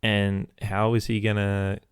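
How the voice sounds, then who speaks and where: A man's voice: on the low side, completely flat delivery, a little slow, clean tone, no room sound. A young Australian man hosting a solo podcast, rambling casually and swearing freely. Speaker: podcast host.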